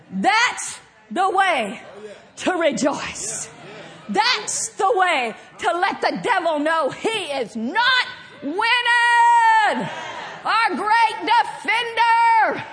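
Very high-voiced, fervent woman preacher. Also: expressive, slow pace, some chatter behind. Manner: fervent, often shouting and laughing. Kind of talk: sermon.

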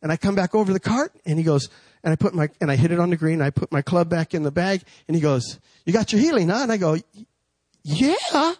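A man preaching with a slightly high voice, recorded dry and close. He swings from long, ringing cries of praise down into a low, folksy, chatty way of telling a story, laughing at himself along the way. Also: fast, a little mellow, dry recording. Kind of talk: sermon with a told story.

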